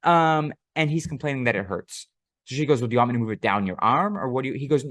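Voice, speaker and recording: This podcast co-host talks fast in an expressive, mid-range voice with a fairly bright tone. He rambles through a long, profane story in casual chat, often laughing, on a dry, studio-quality recording.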